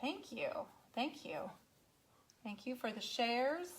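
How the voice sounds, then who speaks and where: A woman hosts a live painting stream from her garage, and her voice sits a little higher than most. She keeps up a chatty, playful patter, teasing her viewers and talking straight to them while she works. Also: sing-song, takes it slowly. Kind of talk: casual live-stream chat. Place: home garage.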